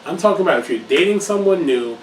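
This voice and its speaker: A man's voice: fairly high pitch, lively intonation, fast, far from the mic. A young man hosting a casual vlog chat, teasing and emphatic as he argues his points, laughing often. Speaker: vlog host. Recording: echoey room, mic set back, faint hiss.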